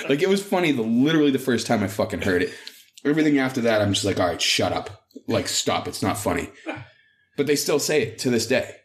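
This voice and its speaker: A man in his thirties, co-hosting a casual podcast, telling profane work stories and acting out what people said. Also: mid-range voice. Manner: profane storytelling, animated retellings. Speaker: podcast co-host. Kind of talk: casual chat.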